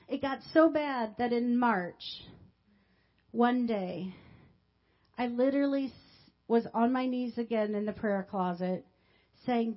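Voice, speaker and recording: A woman pastor telling a personal testimony in a sermon, with emotional storytelling that swings from quiet to loud. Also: a little high, highs cut off.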